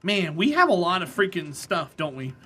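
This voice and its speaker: A woman's voice: fairly low pitch, very animated, normal speed, pushed and bright, slightly rough. A woman streaming a game live and chatting casually with viewers, blunt and opinionated as she answers them by name. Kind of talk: casual live-stream chat while gaming.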